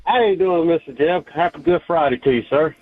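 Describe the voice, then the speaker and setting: Southern guy calling in, folksy and casual, tinny phone line, fairly high voice. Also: a little fast, dry recording. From Georgia, US. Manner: casual, folksy, repeats words. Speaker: caller.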